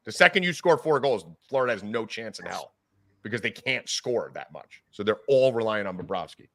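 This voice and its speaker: A man hosting a sports podcast, ranting loudly and emphatically with lots of swearing in a heated argument. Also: fairly low pitch, animated, fairly quick. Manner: loud, profane, emphatic ranting. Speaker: podcast host.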